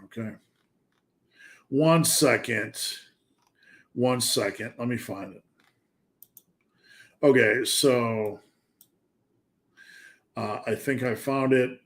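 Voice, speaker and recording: A man hosting a live fitness Q&A stream, chatting casually and asking himself rhetorical questions. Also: lowish voice.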